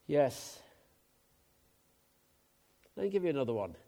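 An older man from Wales preaching a sermon, swinging between loud emphatic outbursts and quiet asides. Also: on the high side, very animated, a little slow, vocal fry. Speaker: pastor.

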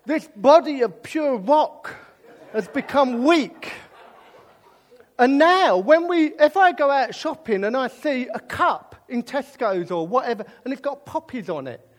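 A British man preaching with a high, bouncing voice that swoops up and down as he jokes. His sermon mixes comic storytelling with earnest appeals. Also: measured pace. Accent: British English. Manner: animated and jokey, drifting into earnest preaching.

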